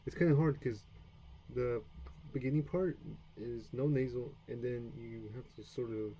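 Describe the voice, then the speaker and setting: A man's voice: medium pitch, moderate pace, warm tone, a little hiss or hum, poor audio. A man from the United States casually talking through his beginner French practice, rambling and self-deprecating with many fillers and restarts. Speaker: language learner streaming his practice. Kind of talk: casual self-study stream, practicing French sounds aloud.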